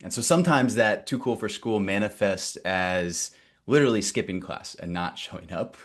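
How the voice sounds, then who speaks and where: A young man with a deep, low voice tells a personal story to an audience. He speaks candidly and casually, with easy fillers and restarts. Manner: animated, candid, loose and conversational with fillers. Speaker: nonprofit director giving a talk.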